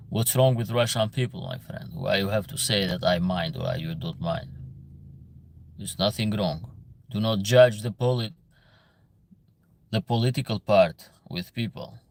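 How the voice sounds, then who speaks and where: Gravelly man lecturing his chat. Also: on the low side, unhurried. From Albania. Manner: earnest, lecturing, broken English. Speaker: livestream host reading chat. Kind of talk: casual livestream chat.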